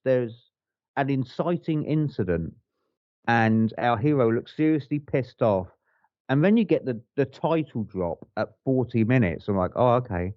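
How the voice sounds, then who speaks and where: A man with a medium-pitched voice co-hosts a podcast, chatting casually and with enthusiasm about films, swearing and rambling with frequent restarts. The recording is muffled, with no echo.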